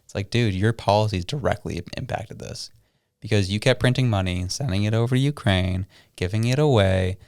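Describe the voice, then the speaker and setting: A man's voice: on the low side, fairly quick, gravelly, darkish tone, clean tone, no room sound, studio quality. A man co-hosting a casual political podcast, joking and sarcastic with loose slang. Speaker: podcast co-host.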